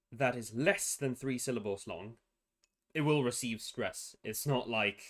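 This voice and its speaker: A man's voice: fairly low pitch, a bit bright. Rambling young man explaining language rules. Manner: rambling, self-correcting, mutters to himself. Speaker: streamer presenting a constructed language. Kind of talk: casual livestream explanation.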